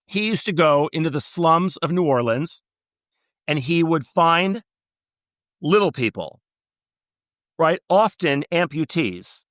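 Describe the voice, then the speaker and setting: A middle-aged man, a travel writer guest, telling long anecdotes and quoting people in animated storytelling. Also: fairly high pitch, no echo. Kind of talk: storytelling interview.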